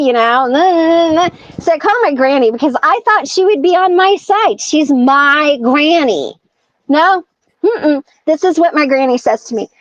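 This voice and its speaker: High-voiced woman telling an animated story. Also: no echo. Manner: animated storyteller acting out quoted dialogue. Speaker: podcast guest. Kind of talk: casual storytelling. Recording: dull lo-fi sound.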